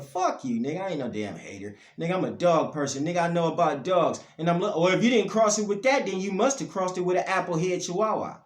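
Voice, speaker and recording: A man's voice: animated, fast, few pauses. Heated profane man ranting, roomy echo. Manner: blunt, profane, heated, pitch and loudness swinging up and down. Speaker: dog breeder vlogger. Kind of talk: ranting monologue to camera.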